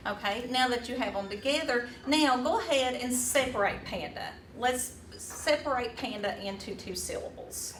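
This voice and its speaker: A woman's voice: on the high side, normal speed, hardly any pauses. Casual woman trainer rambling thru a workshop demo, fillers and restarts, faint room hum. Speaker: teacher trainer. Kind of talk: hands-on teaching workshop. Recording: roomy echo, distant mic, faint room noise.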